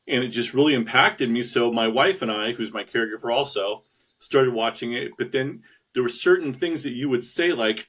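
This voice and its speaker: A man speaks as a guest in an online interview, sincere and determined. His voice sits in a middle pitch, and he talks with small restarts. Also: moderate pace, a bit bright. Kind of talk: interview storytelling.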